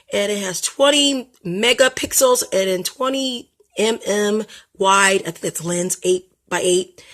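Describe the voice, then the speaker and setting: A chatty woman hosts a casual unboxing vlog for her craft channel, talking straight to "you guys" with a husky, slightly breathy voice. She swings between shy self-deprecation and bursts of excitement, at a middling pitch. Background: people upstairs making noise.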